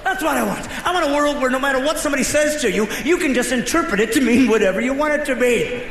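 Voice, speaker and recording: High-voiced ranting male comic. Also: fast talker, slight background noise. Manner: exasperated ranting, animated. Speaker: stand-up comedian. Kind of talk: stand-up comedy routine. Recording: echoey hall with faint crowd.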